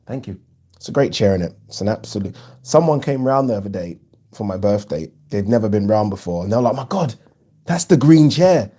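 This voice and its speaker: A man's voice: fairly low pitch, fairly quick, dark tone. A man hosting a live boxing watch-along, chatting casually and frankly, reading viewers' comments with plenty of ums. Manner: chatty, frank, swears freely, frequent ums.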